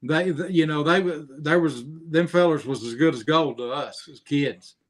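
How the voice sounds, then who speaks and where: A man's voice: a little high, normal speed, a little hiss or hum. A middle-aged man in casual chat, telling stories and explaining things in plain, folksy talk.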